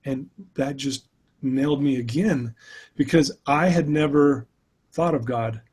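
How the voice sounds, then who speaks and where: A man's voice: mid-range voice, unhurried, darkish tone, slightly rough. A man recounting his own struggles in an interview, speaking earnestly and candidly as a speaker and mentor. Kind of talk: personal storytelling in an interview.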